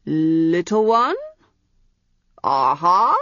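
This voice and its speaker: Woman voicing a slow, uncertain old eunuch servant. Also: lowish voice, sing-song, a bit bright, no echo, highs cut off, exaggerated voice. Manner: hesitant, sighing.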